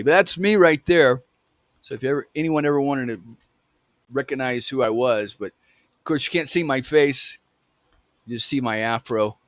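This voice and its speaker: A man's voice: medium pitch, fairly bright tone, no echo. Man, fifties, casual storytelling, rambling, self-correcting, dry close recording. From United States. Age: 50s. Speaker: vlogger.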